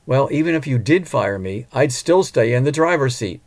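Steady, polite chauffeur, read by a man, middle-pitched and calm. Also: moderate pace. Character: calm loyal male chauffeur.

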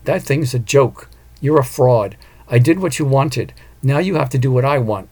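Man doing a vengeful woman ghost, curt, demanding, gravelly edge, storybook reading. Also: mid-range voice, normal speed, darkish tone, close to an everyday voice. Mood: angry. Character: angry vengeful female ghost, young woman.

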